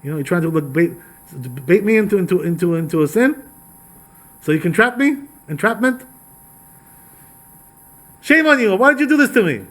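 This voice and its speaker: A woman's voice: mid-range voice, expressive, normal speed, pauses often, pitched above the performer's own voice, close to an everyday voice. A man voicing a frightened, angry woman sorcerer who cries out her accusations. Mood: accusing. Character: frightened angry female sorcerer, middle-aged.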